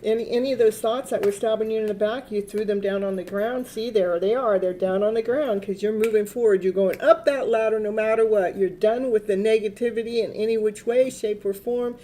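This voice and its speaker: A woman's voice: medium pitch, fairly even intonation, fairly quick, hardly any pauses, dark tone. A woman giving a casual tarot reading, chatting, laughing often and coaxing her dog. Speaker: tarot reader.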